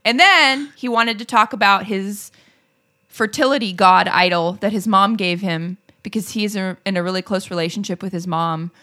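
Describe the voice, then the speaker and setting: Brief: young woman podcast co-host, bright and forceful voice, lively chatty storyteller who laughs easily and curses. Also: medium pitch, moderate pace. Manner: animated storyteller, laughs often, swears freely. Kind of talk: casual chat.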